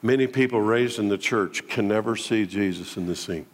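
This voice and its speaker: A pastor preaching a sermon, dramatically swinging between loud declaiming and low, intimate tones. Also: male voice, normal speed. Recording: long hall reverb.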